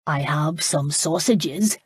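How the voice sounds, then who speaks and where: A woman voicing a cautious, plain-spoken innkeeper who talks slowly in an audiobook. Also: deep voice, husky, no echo, clean studio sound, heavily acted. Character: wary, plain-spoken Scottish innkeeper man. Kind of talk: audiobook character voice.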